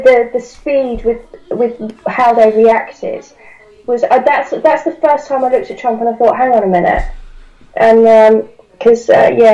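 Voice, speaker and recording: A woman's voice: on the high side, mellow. Blunt British young woman, lo-fi. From United Kingdom. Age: young adult. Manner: blunt and emphatic, swears casually. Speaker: guest commentator. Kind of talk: casual political chat.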